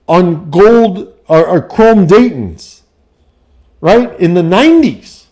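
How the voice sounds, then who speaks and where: A middle-aged man ranting casually on his vlog, profane and heated, swinging from low muttering to shouting. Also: animated, takes it slowly. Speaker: vlogger and life coach.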